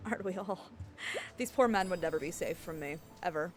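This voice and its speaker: A woman streaming a game live, chatting casually with her viewers in a playful, excitable way. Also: fairly low pitch, moderate pace, slight background noise. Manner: playful, excitable, jokes with chat. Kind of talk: casual live-stream chat while gaming.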